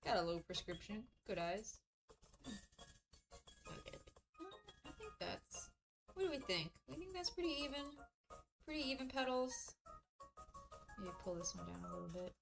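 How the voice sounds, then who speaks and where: A woman's voice: mid-range voice, very animated, unhurried, vocal fry, long pauses, over music, poor audio. A young woman streamer chatting while doing a craft, rambling through a story, swearing freely and laughing at her own telling. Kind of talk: casual chat while crafting.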